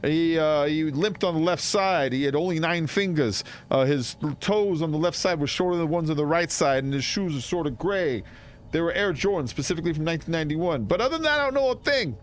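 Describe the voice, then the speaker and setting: A man's voice: on the high side, animated, a little fast, voice pushed up, natural voice. A man voicing a nervous, rambling male dock worker witness in an exaggerated New York accent, as a comic put-on voice.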